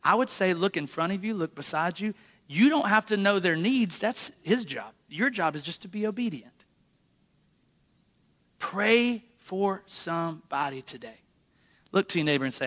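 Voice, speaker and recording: Man, preacher, high bright voice, conversational sermon, prompts the congregation, church. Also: big pitch swings, moderate pace.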